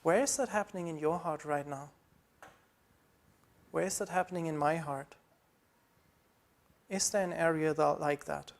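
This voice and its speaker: A man's voice: a little high, normal speed, long pauses. Earnest man preaching a sermon. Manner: earnest, pleading, repeats phrases. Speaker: pastor.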